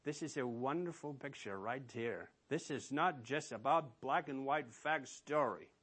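A man's voice: medium pitch, unhurried, fairly bright tone, husky. A man preaching a sermon as pastor, emphatic and asking rhetorical questions of his listeners.

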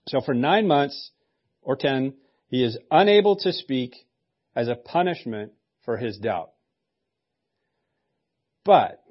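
Pastor guy preaching, chatty and jokey, mid voice, kinda muffled audio. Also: mid-range voice. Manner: conversational, joking asides. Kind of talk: sermon.

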